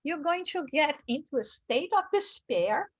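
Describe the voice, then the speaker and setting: A woman's voice: animated, unhurried. A woman leading a religious study class, earnest, reading passages and explaining them. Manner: earnest, acts out quoted screams with high bursts. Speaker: study group teacher.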